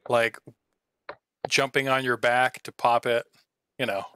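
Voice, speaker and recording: A man's voice: medium pitch, level tone, measured pace, bright, forceful tone, clear, resonant tone, no echo. A man running a tabletop game as game master, hesitant and full of fillers.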